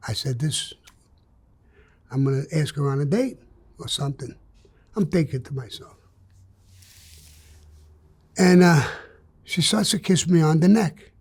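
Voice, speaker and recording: Husky New man telling a crude story. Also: on the high side, a little slow, pauses often. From New York. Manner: animated, profane storyteller, swinging from hushed to loud. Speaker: interview guest. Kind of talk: telling a joke story in an interview.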